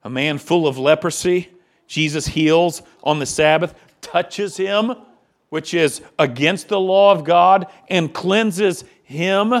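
Male pastor, higher register, impassioned sermon delivery. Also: takes it slowly. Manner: impassioned preaching, rising and falling delivery.

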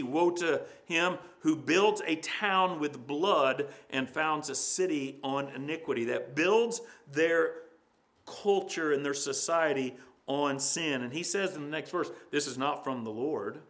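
A man preaching a sermon, explaining scripture verse by verse, asking the congregation questions and swinging between quiet and emphatic moments. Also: fairly high pitch, animated, slow. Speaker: addresses children in the audience.

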